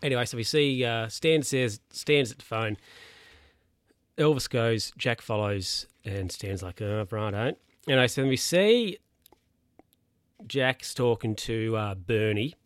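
A man's voice: medium pitch, lively intonation, a little slow, clean tone, no room sound. Male podcaster, dry close sound, loose filler-heavy recap delivery. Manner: rambling, filler-heavy, self-correcting. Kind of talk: casual film recap.

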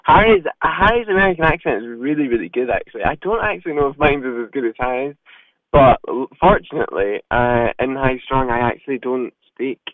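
A man with a Scottish accent, an actor guest chatting casually and relaxed in an interview. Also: mid-range voice, brisk, no room sound. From Scotland. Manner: relaxed, chatty, with self-deprecating asides. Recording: tinny phone line.

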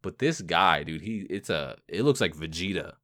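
A man's voice: low voice, animated, normal speed, sharp tone, no echo, studio quality. A young man co-hosting a casual movie podcast, laughing often and talking loosely with plenty of swearing. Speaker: podcast co-host.

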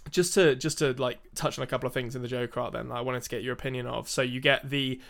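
A man co-hosting a casual film podcast. His voice sits at a middle pitch. He talks freely, laughs easily and stumbles over his own restarts. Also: fairly even intonation, fast, gravelly, a bit bright. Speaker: podcast co-host. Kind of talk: casual chat.

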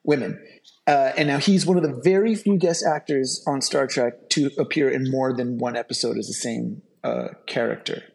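A man's voice: mid-range voice, moderate pace, vocal fry. A man co-hosting a casual podcast, enthusiastically reading out actor trivia. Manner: enthusiastic, reads trivia aloud. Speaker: podcast co-host.

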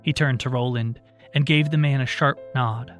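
A male narrator reads the story aloud in a calm, steady voice. His pitch sits in an ordinary middle range, and faint music plays underneath. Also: moderate pace. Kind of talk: audiobook narration.

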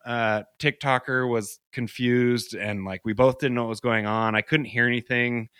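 A man's voice: mid-range voice, steady tone, normal speed, fairly bright tone, smooth, dry recording, studio quality. Loose, profane young man telling a story. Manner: loose and profane, heavy use of "like". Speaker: podcast guest. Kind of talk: casual spoken storytelling.

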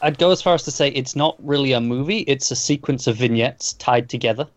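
A man's voice: mid-range voice, fairly quick. A man co-hosting a casual film podcast, opinionated and emphatic in his takes. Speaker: podcast co-host. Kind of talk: casual film-discussion chat.

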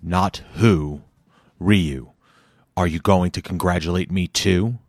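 An icy, vengeful young hero who speaks in clipped, menacing lines, as a male narrator puts him on. The voice is deep and grim. The recording is dry, with no room around it. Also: takes it slowly, no echo, heavily acted.

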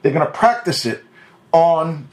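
A man co-hosting a casual podcast, his voice sitting a little higher than most men's. He mostly chimes in with dry, wry remarks and quick agreements. The delivery is relaxed and conversational. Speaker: podcast co-host. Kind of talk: casual chat.

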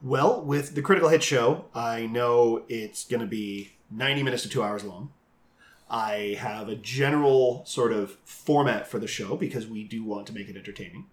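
A man's voice: mid-range voice, moderate pace, reverberant. A man who runs a live tabletop game show, chatting animatedly and laughing often in an interview. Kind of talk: casual interview chat.

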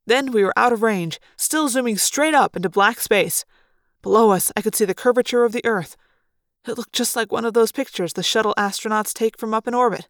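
A woman's voice: on the high side, fairly quick, dry recording. Woman reading a story aloud, dry sound. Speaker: audiobook narrator. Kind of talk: storybook narration.

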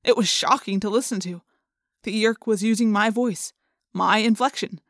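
A woman's voice: mid-range voice, normal speed, a bit bright, no echo. Casting: woman narrator, tense first-person storytelling, dry close recording. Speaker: audiobook narrator. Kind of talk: scripted narration.

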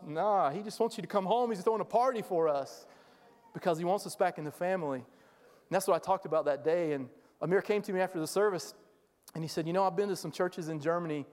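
A man's voice: high-pitched, big-room sound. A man giving a sermon as a guest missionary speaker, telling stories and acting out the voices of the people in them. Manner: animated storyteller acting out quoted voices. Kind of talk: sermon storytelling. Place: church sanctuary.

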